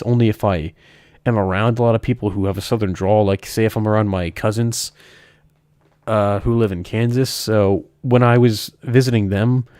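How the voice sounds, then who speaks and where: A man's voice: fairly low pitch, mellow, dry recording, studio quality. A man chatting casually on a live stream, rambling and correcting himself as he goes, with frequent chuckles. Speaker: streamer, horror story reader.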